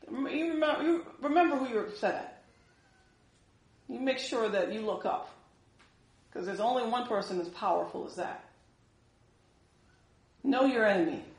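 A woman preaching a sermon in an animated way, acting out the voices she quotes. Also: mid-range voice, reverberant, poor audio.

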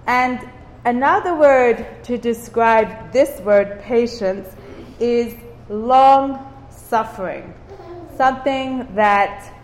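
A woman from Cyprus leading an informal devotional talk for a small group. She engages her listeners with questions and repeats words for emphasis. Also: a little high. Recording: roomy hall with long reverb.

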